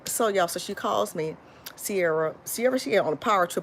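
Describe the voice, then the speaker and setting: At a normal speed and in a mid-range voice, a Florida vlogger tells a casual storytime, rambling, lively and full of restarts, calling her viewers y'all despite seeming tired. Slight background noise is audible.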